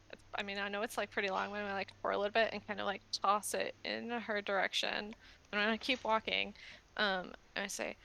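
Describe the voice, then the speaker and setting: A woman's voice: medium pitch, creaky, pushed and bright, a little hiss or hum. A woman playing in a tabletop game, speaking hesitantly and pleading in character. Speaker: player.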